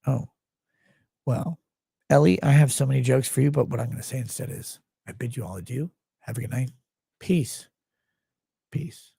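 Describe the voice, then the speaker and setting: A man's voice: mid-range voice, fairly even intonation, a little fast, gravelly, dark tone, slightly rough, dry recording. A man hosting a livestream, signing off in a blunt, profane, rambling way. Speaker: host. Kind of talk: casual livestream sign-off.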